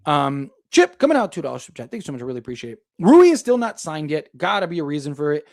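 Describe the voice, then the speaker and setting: A man's voice: on the high side, very animated, fast talker, vocal fry, darkish tone. A young man hosting a casual live basketball talk stream, rambling with lots of fillers as he reads viewer super chats. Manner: rambling, filler-heavy, thinks aloud. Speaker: sports podcast host reading super chats.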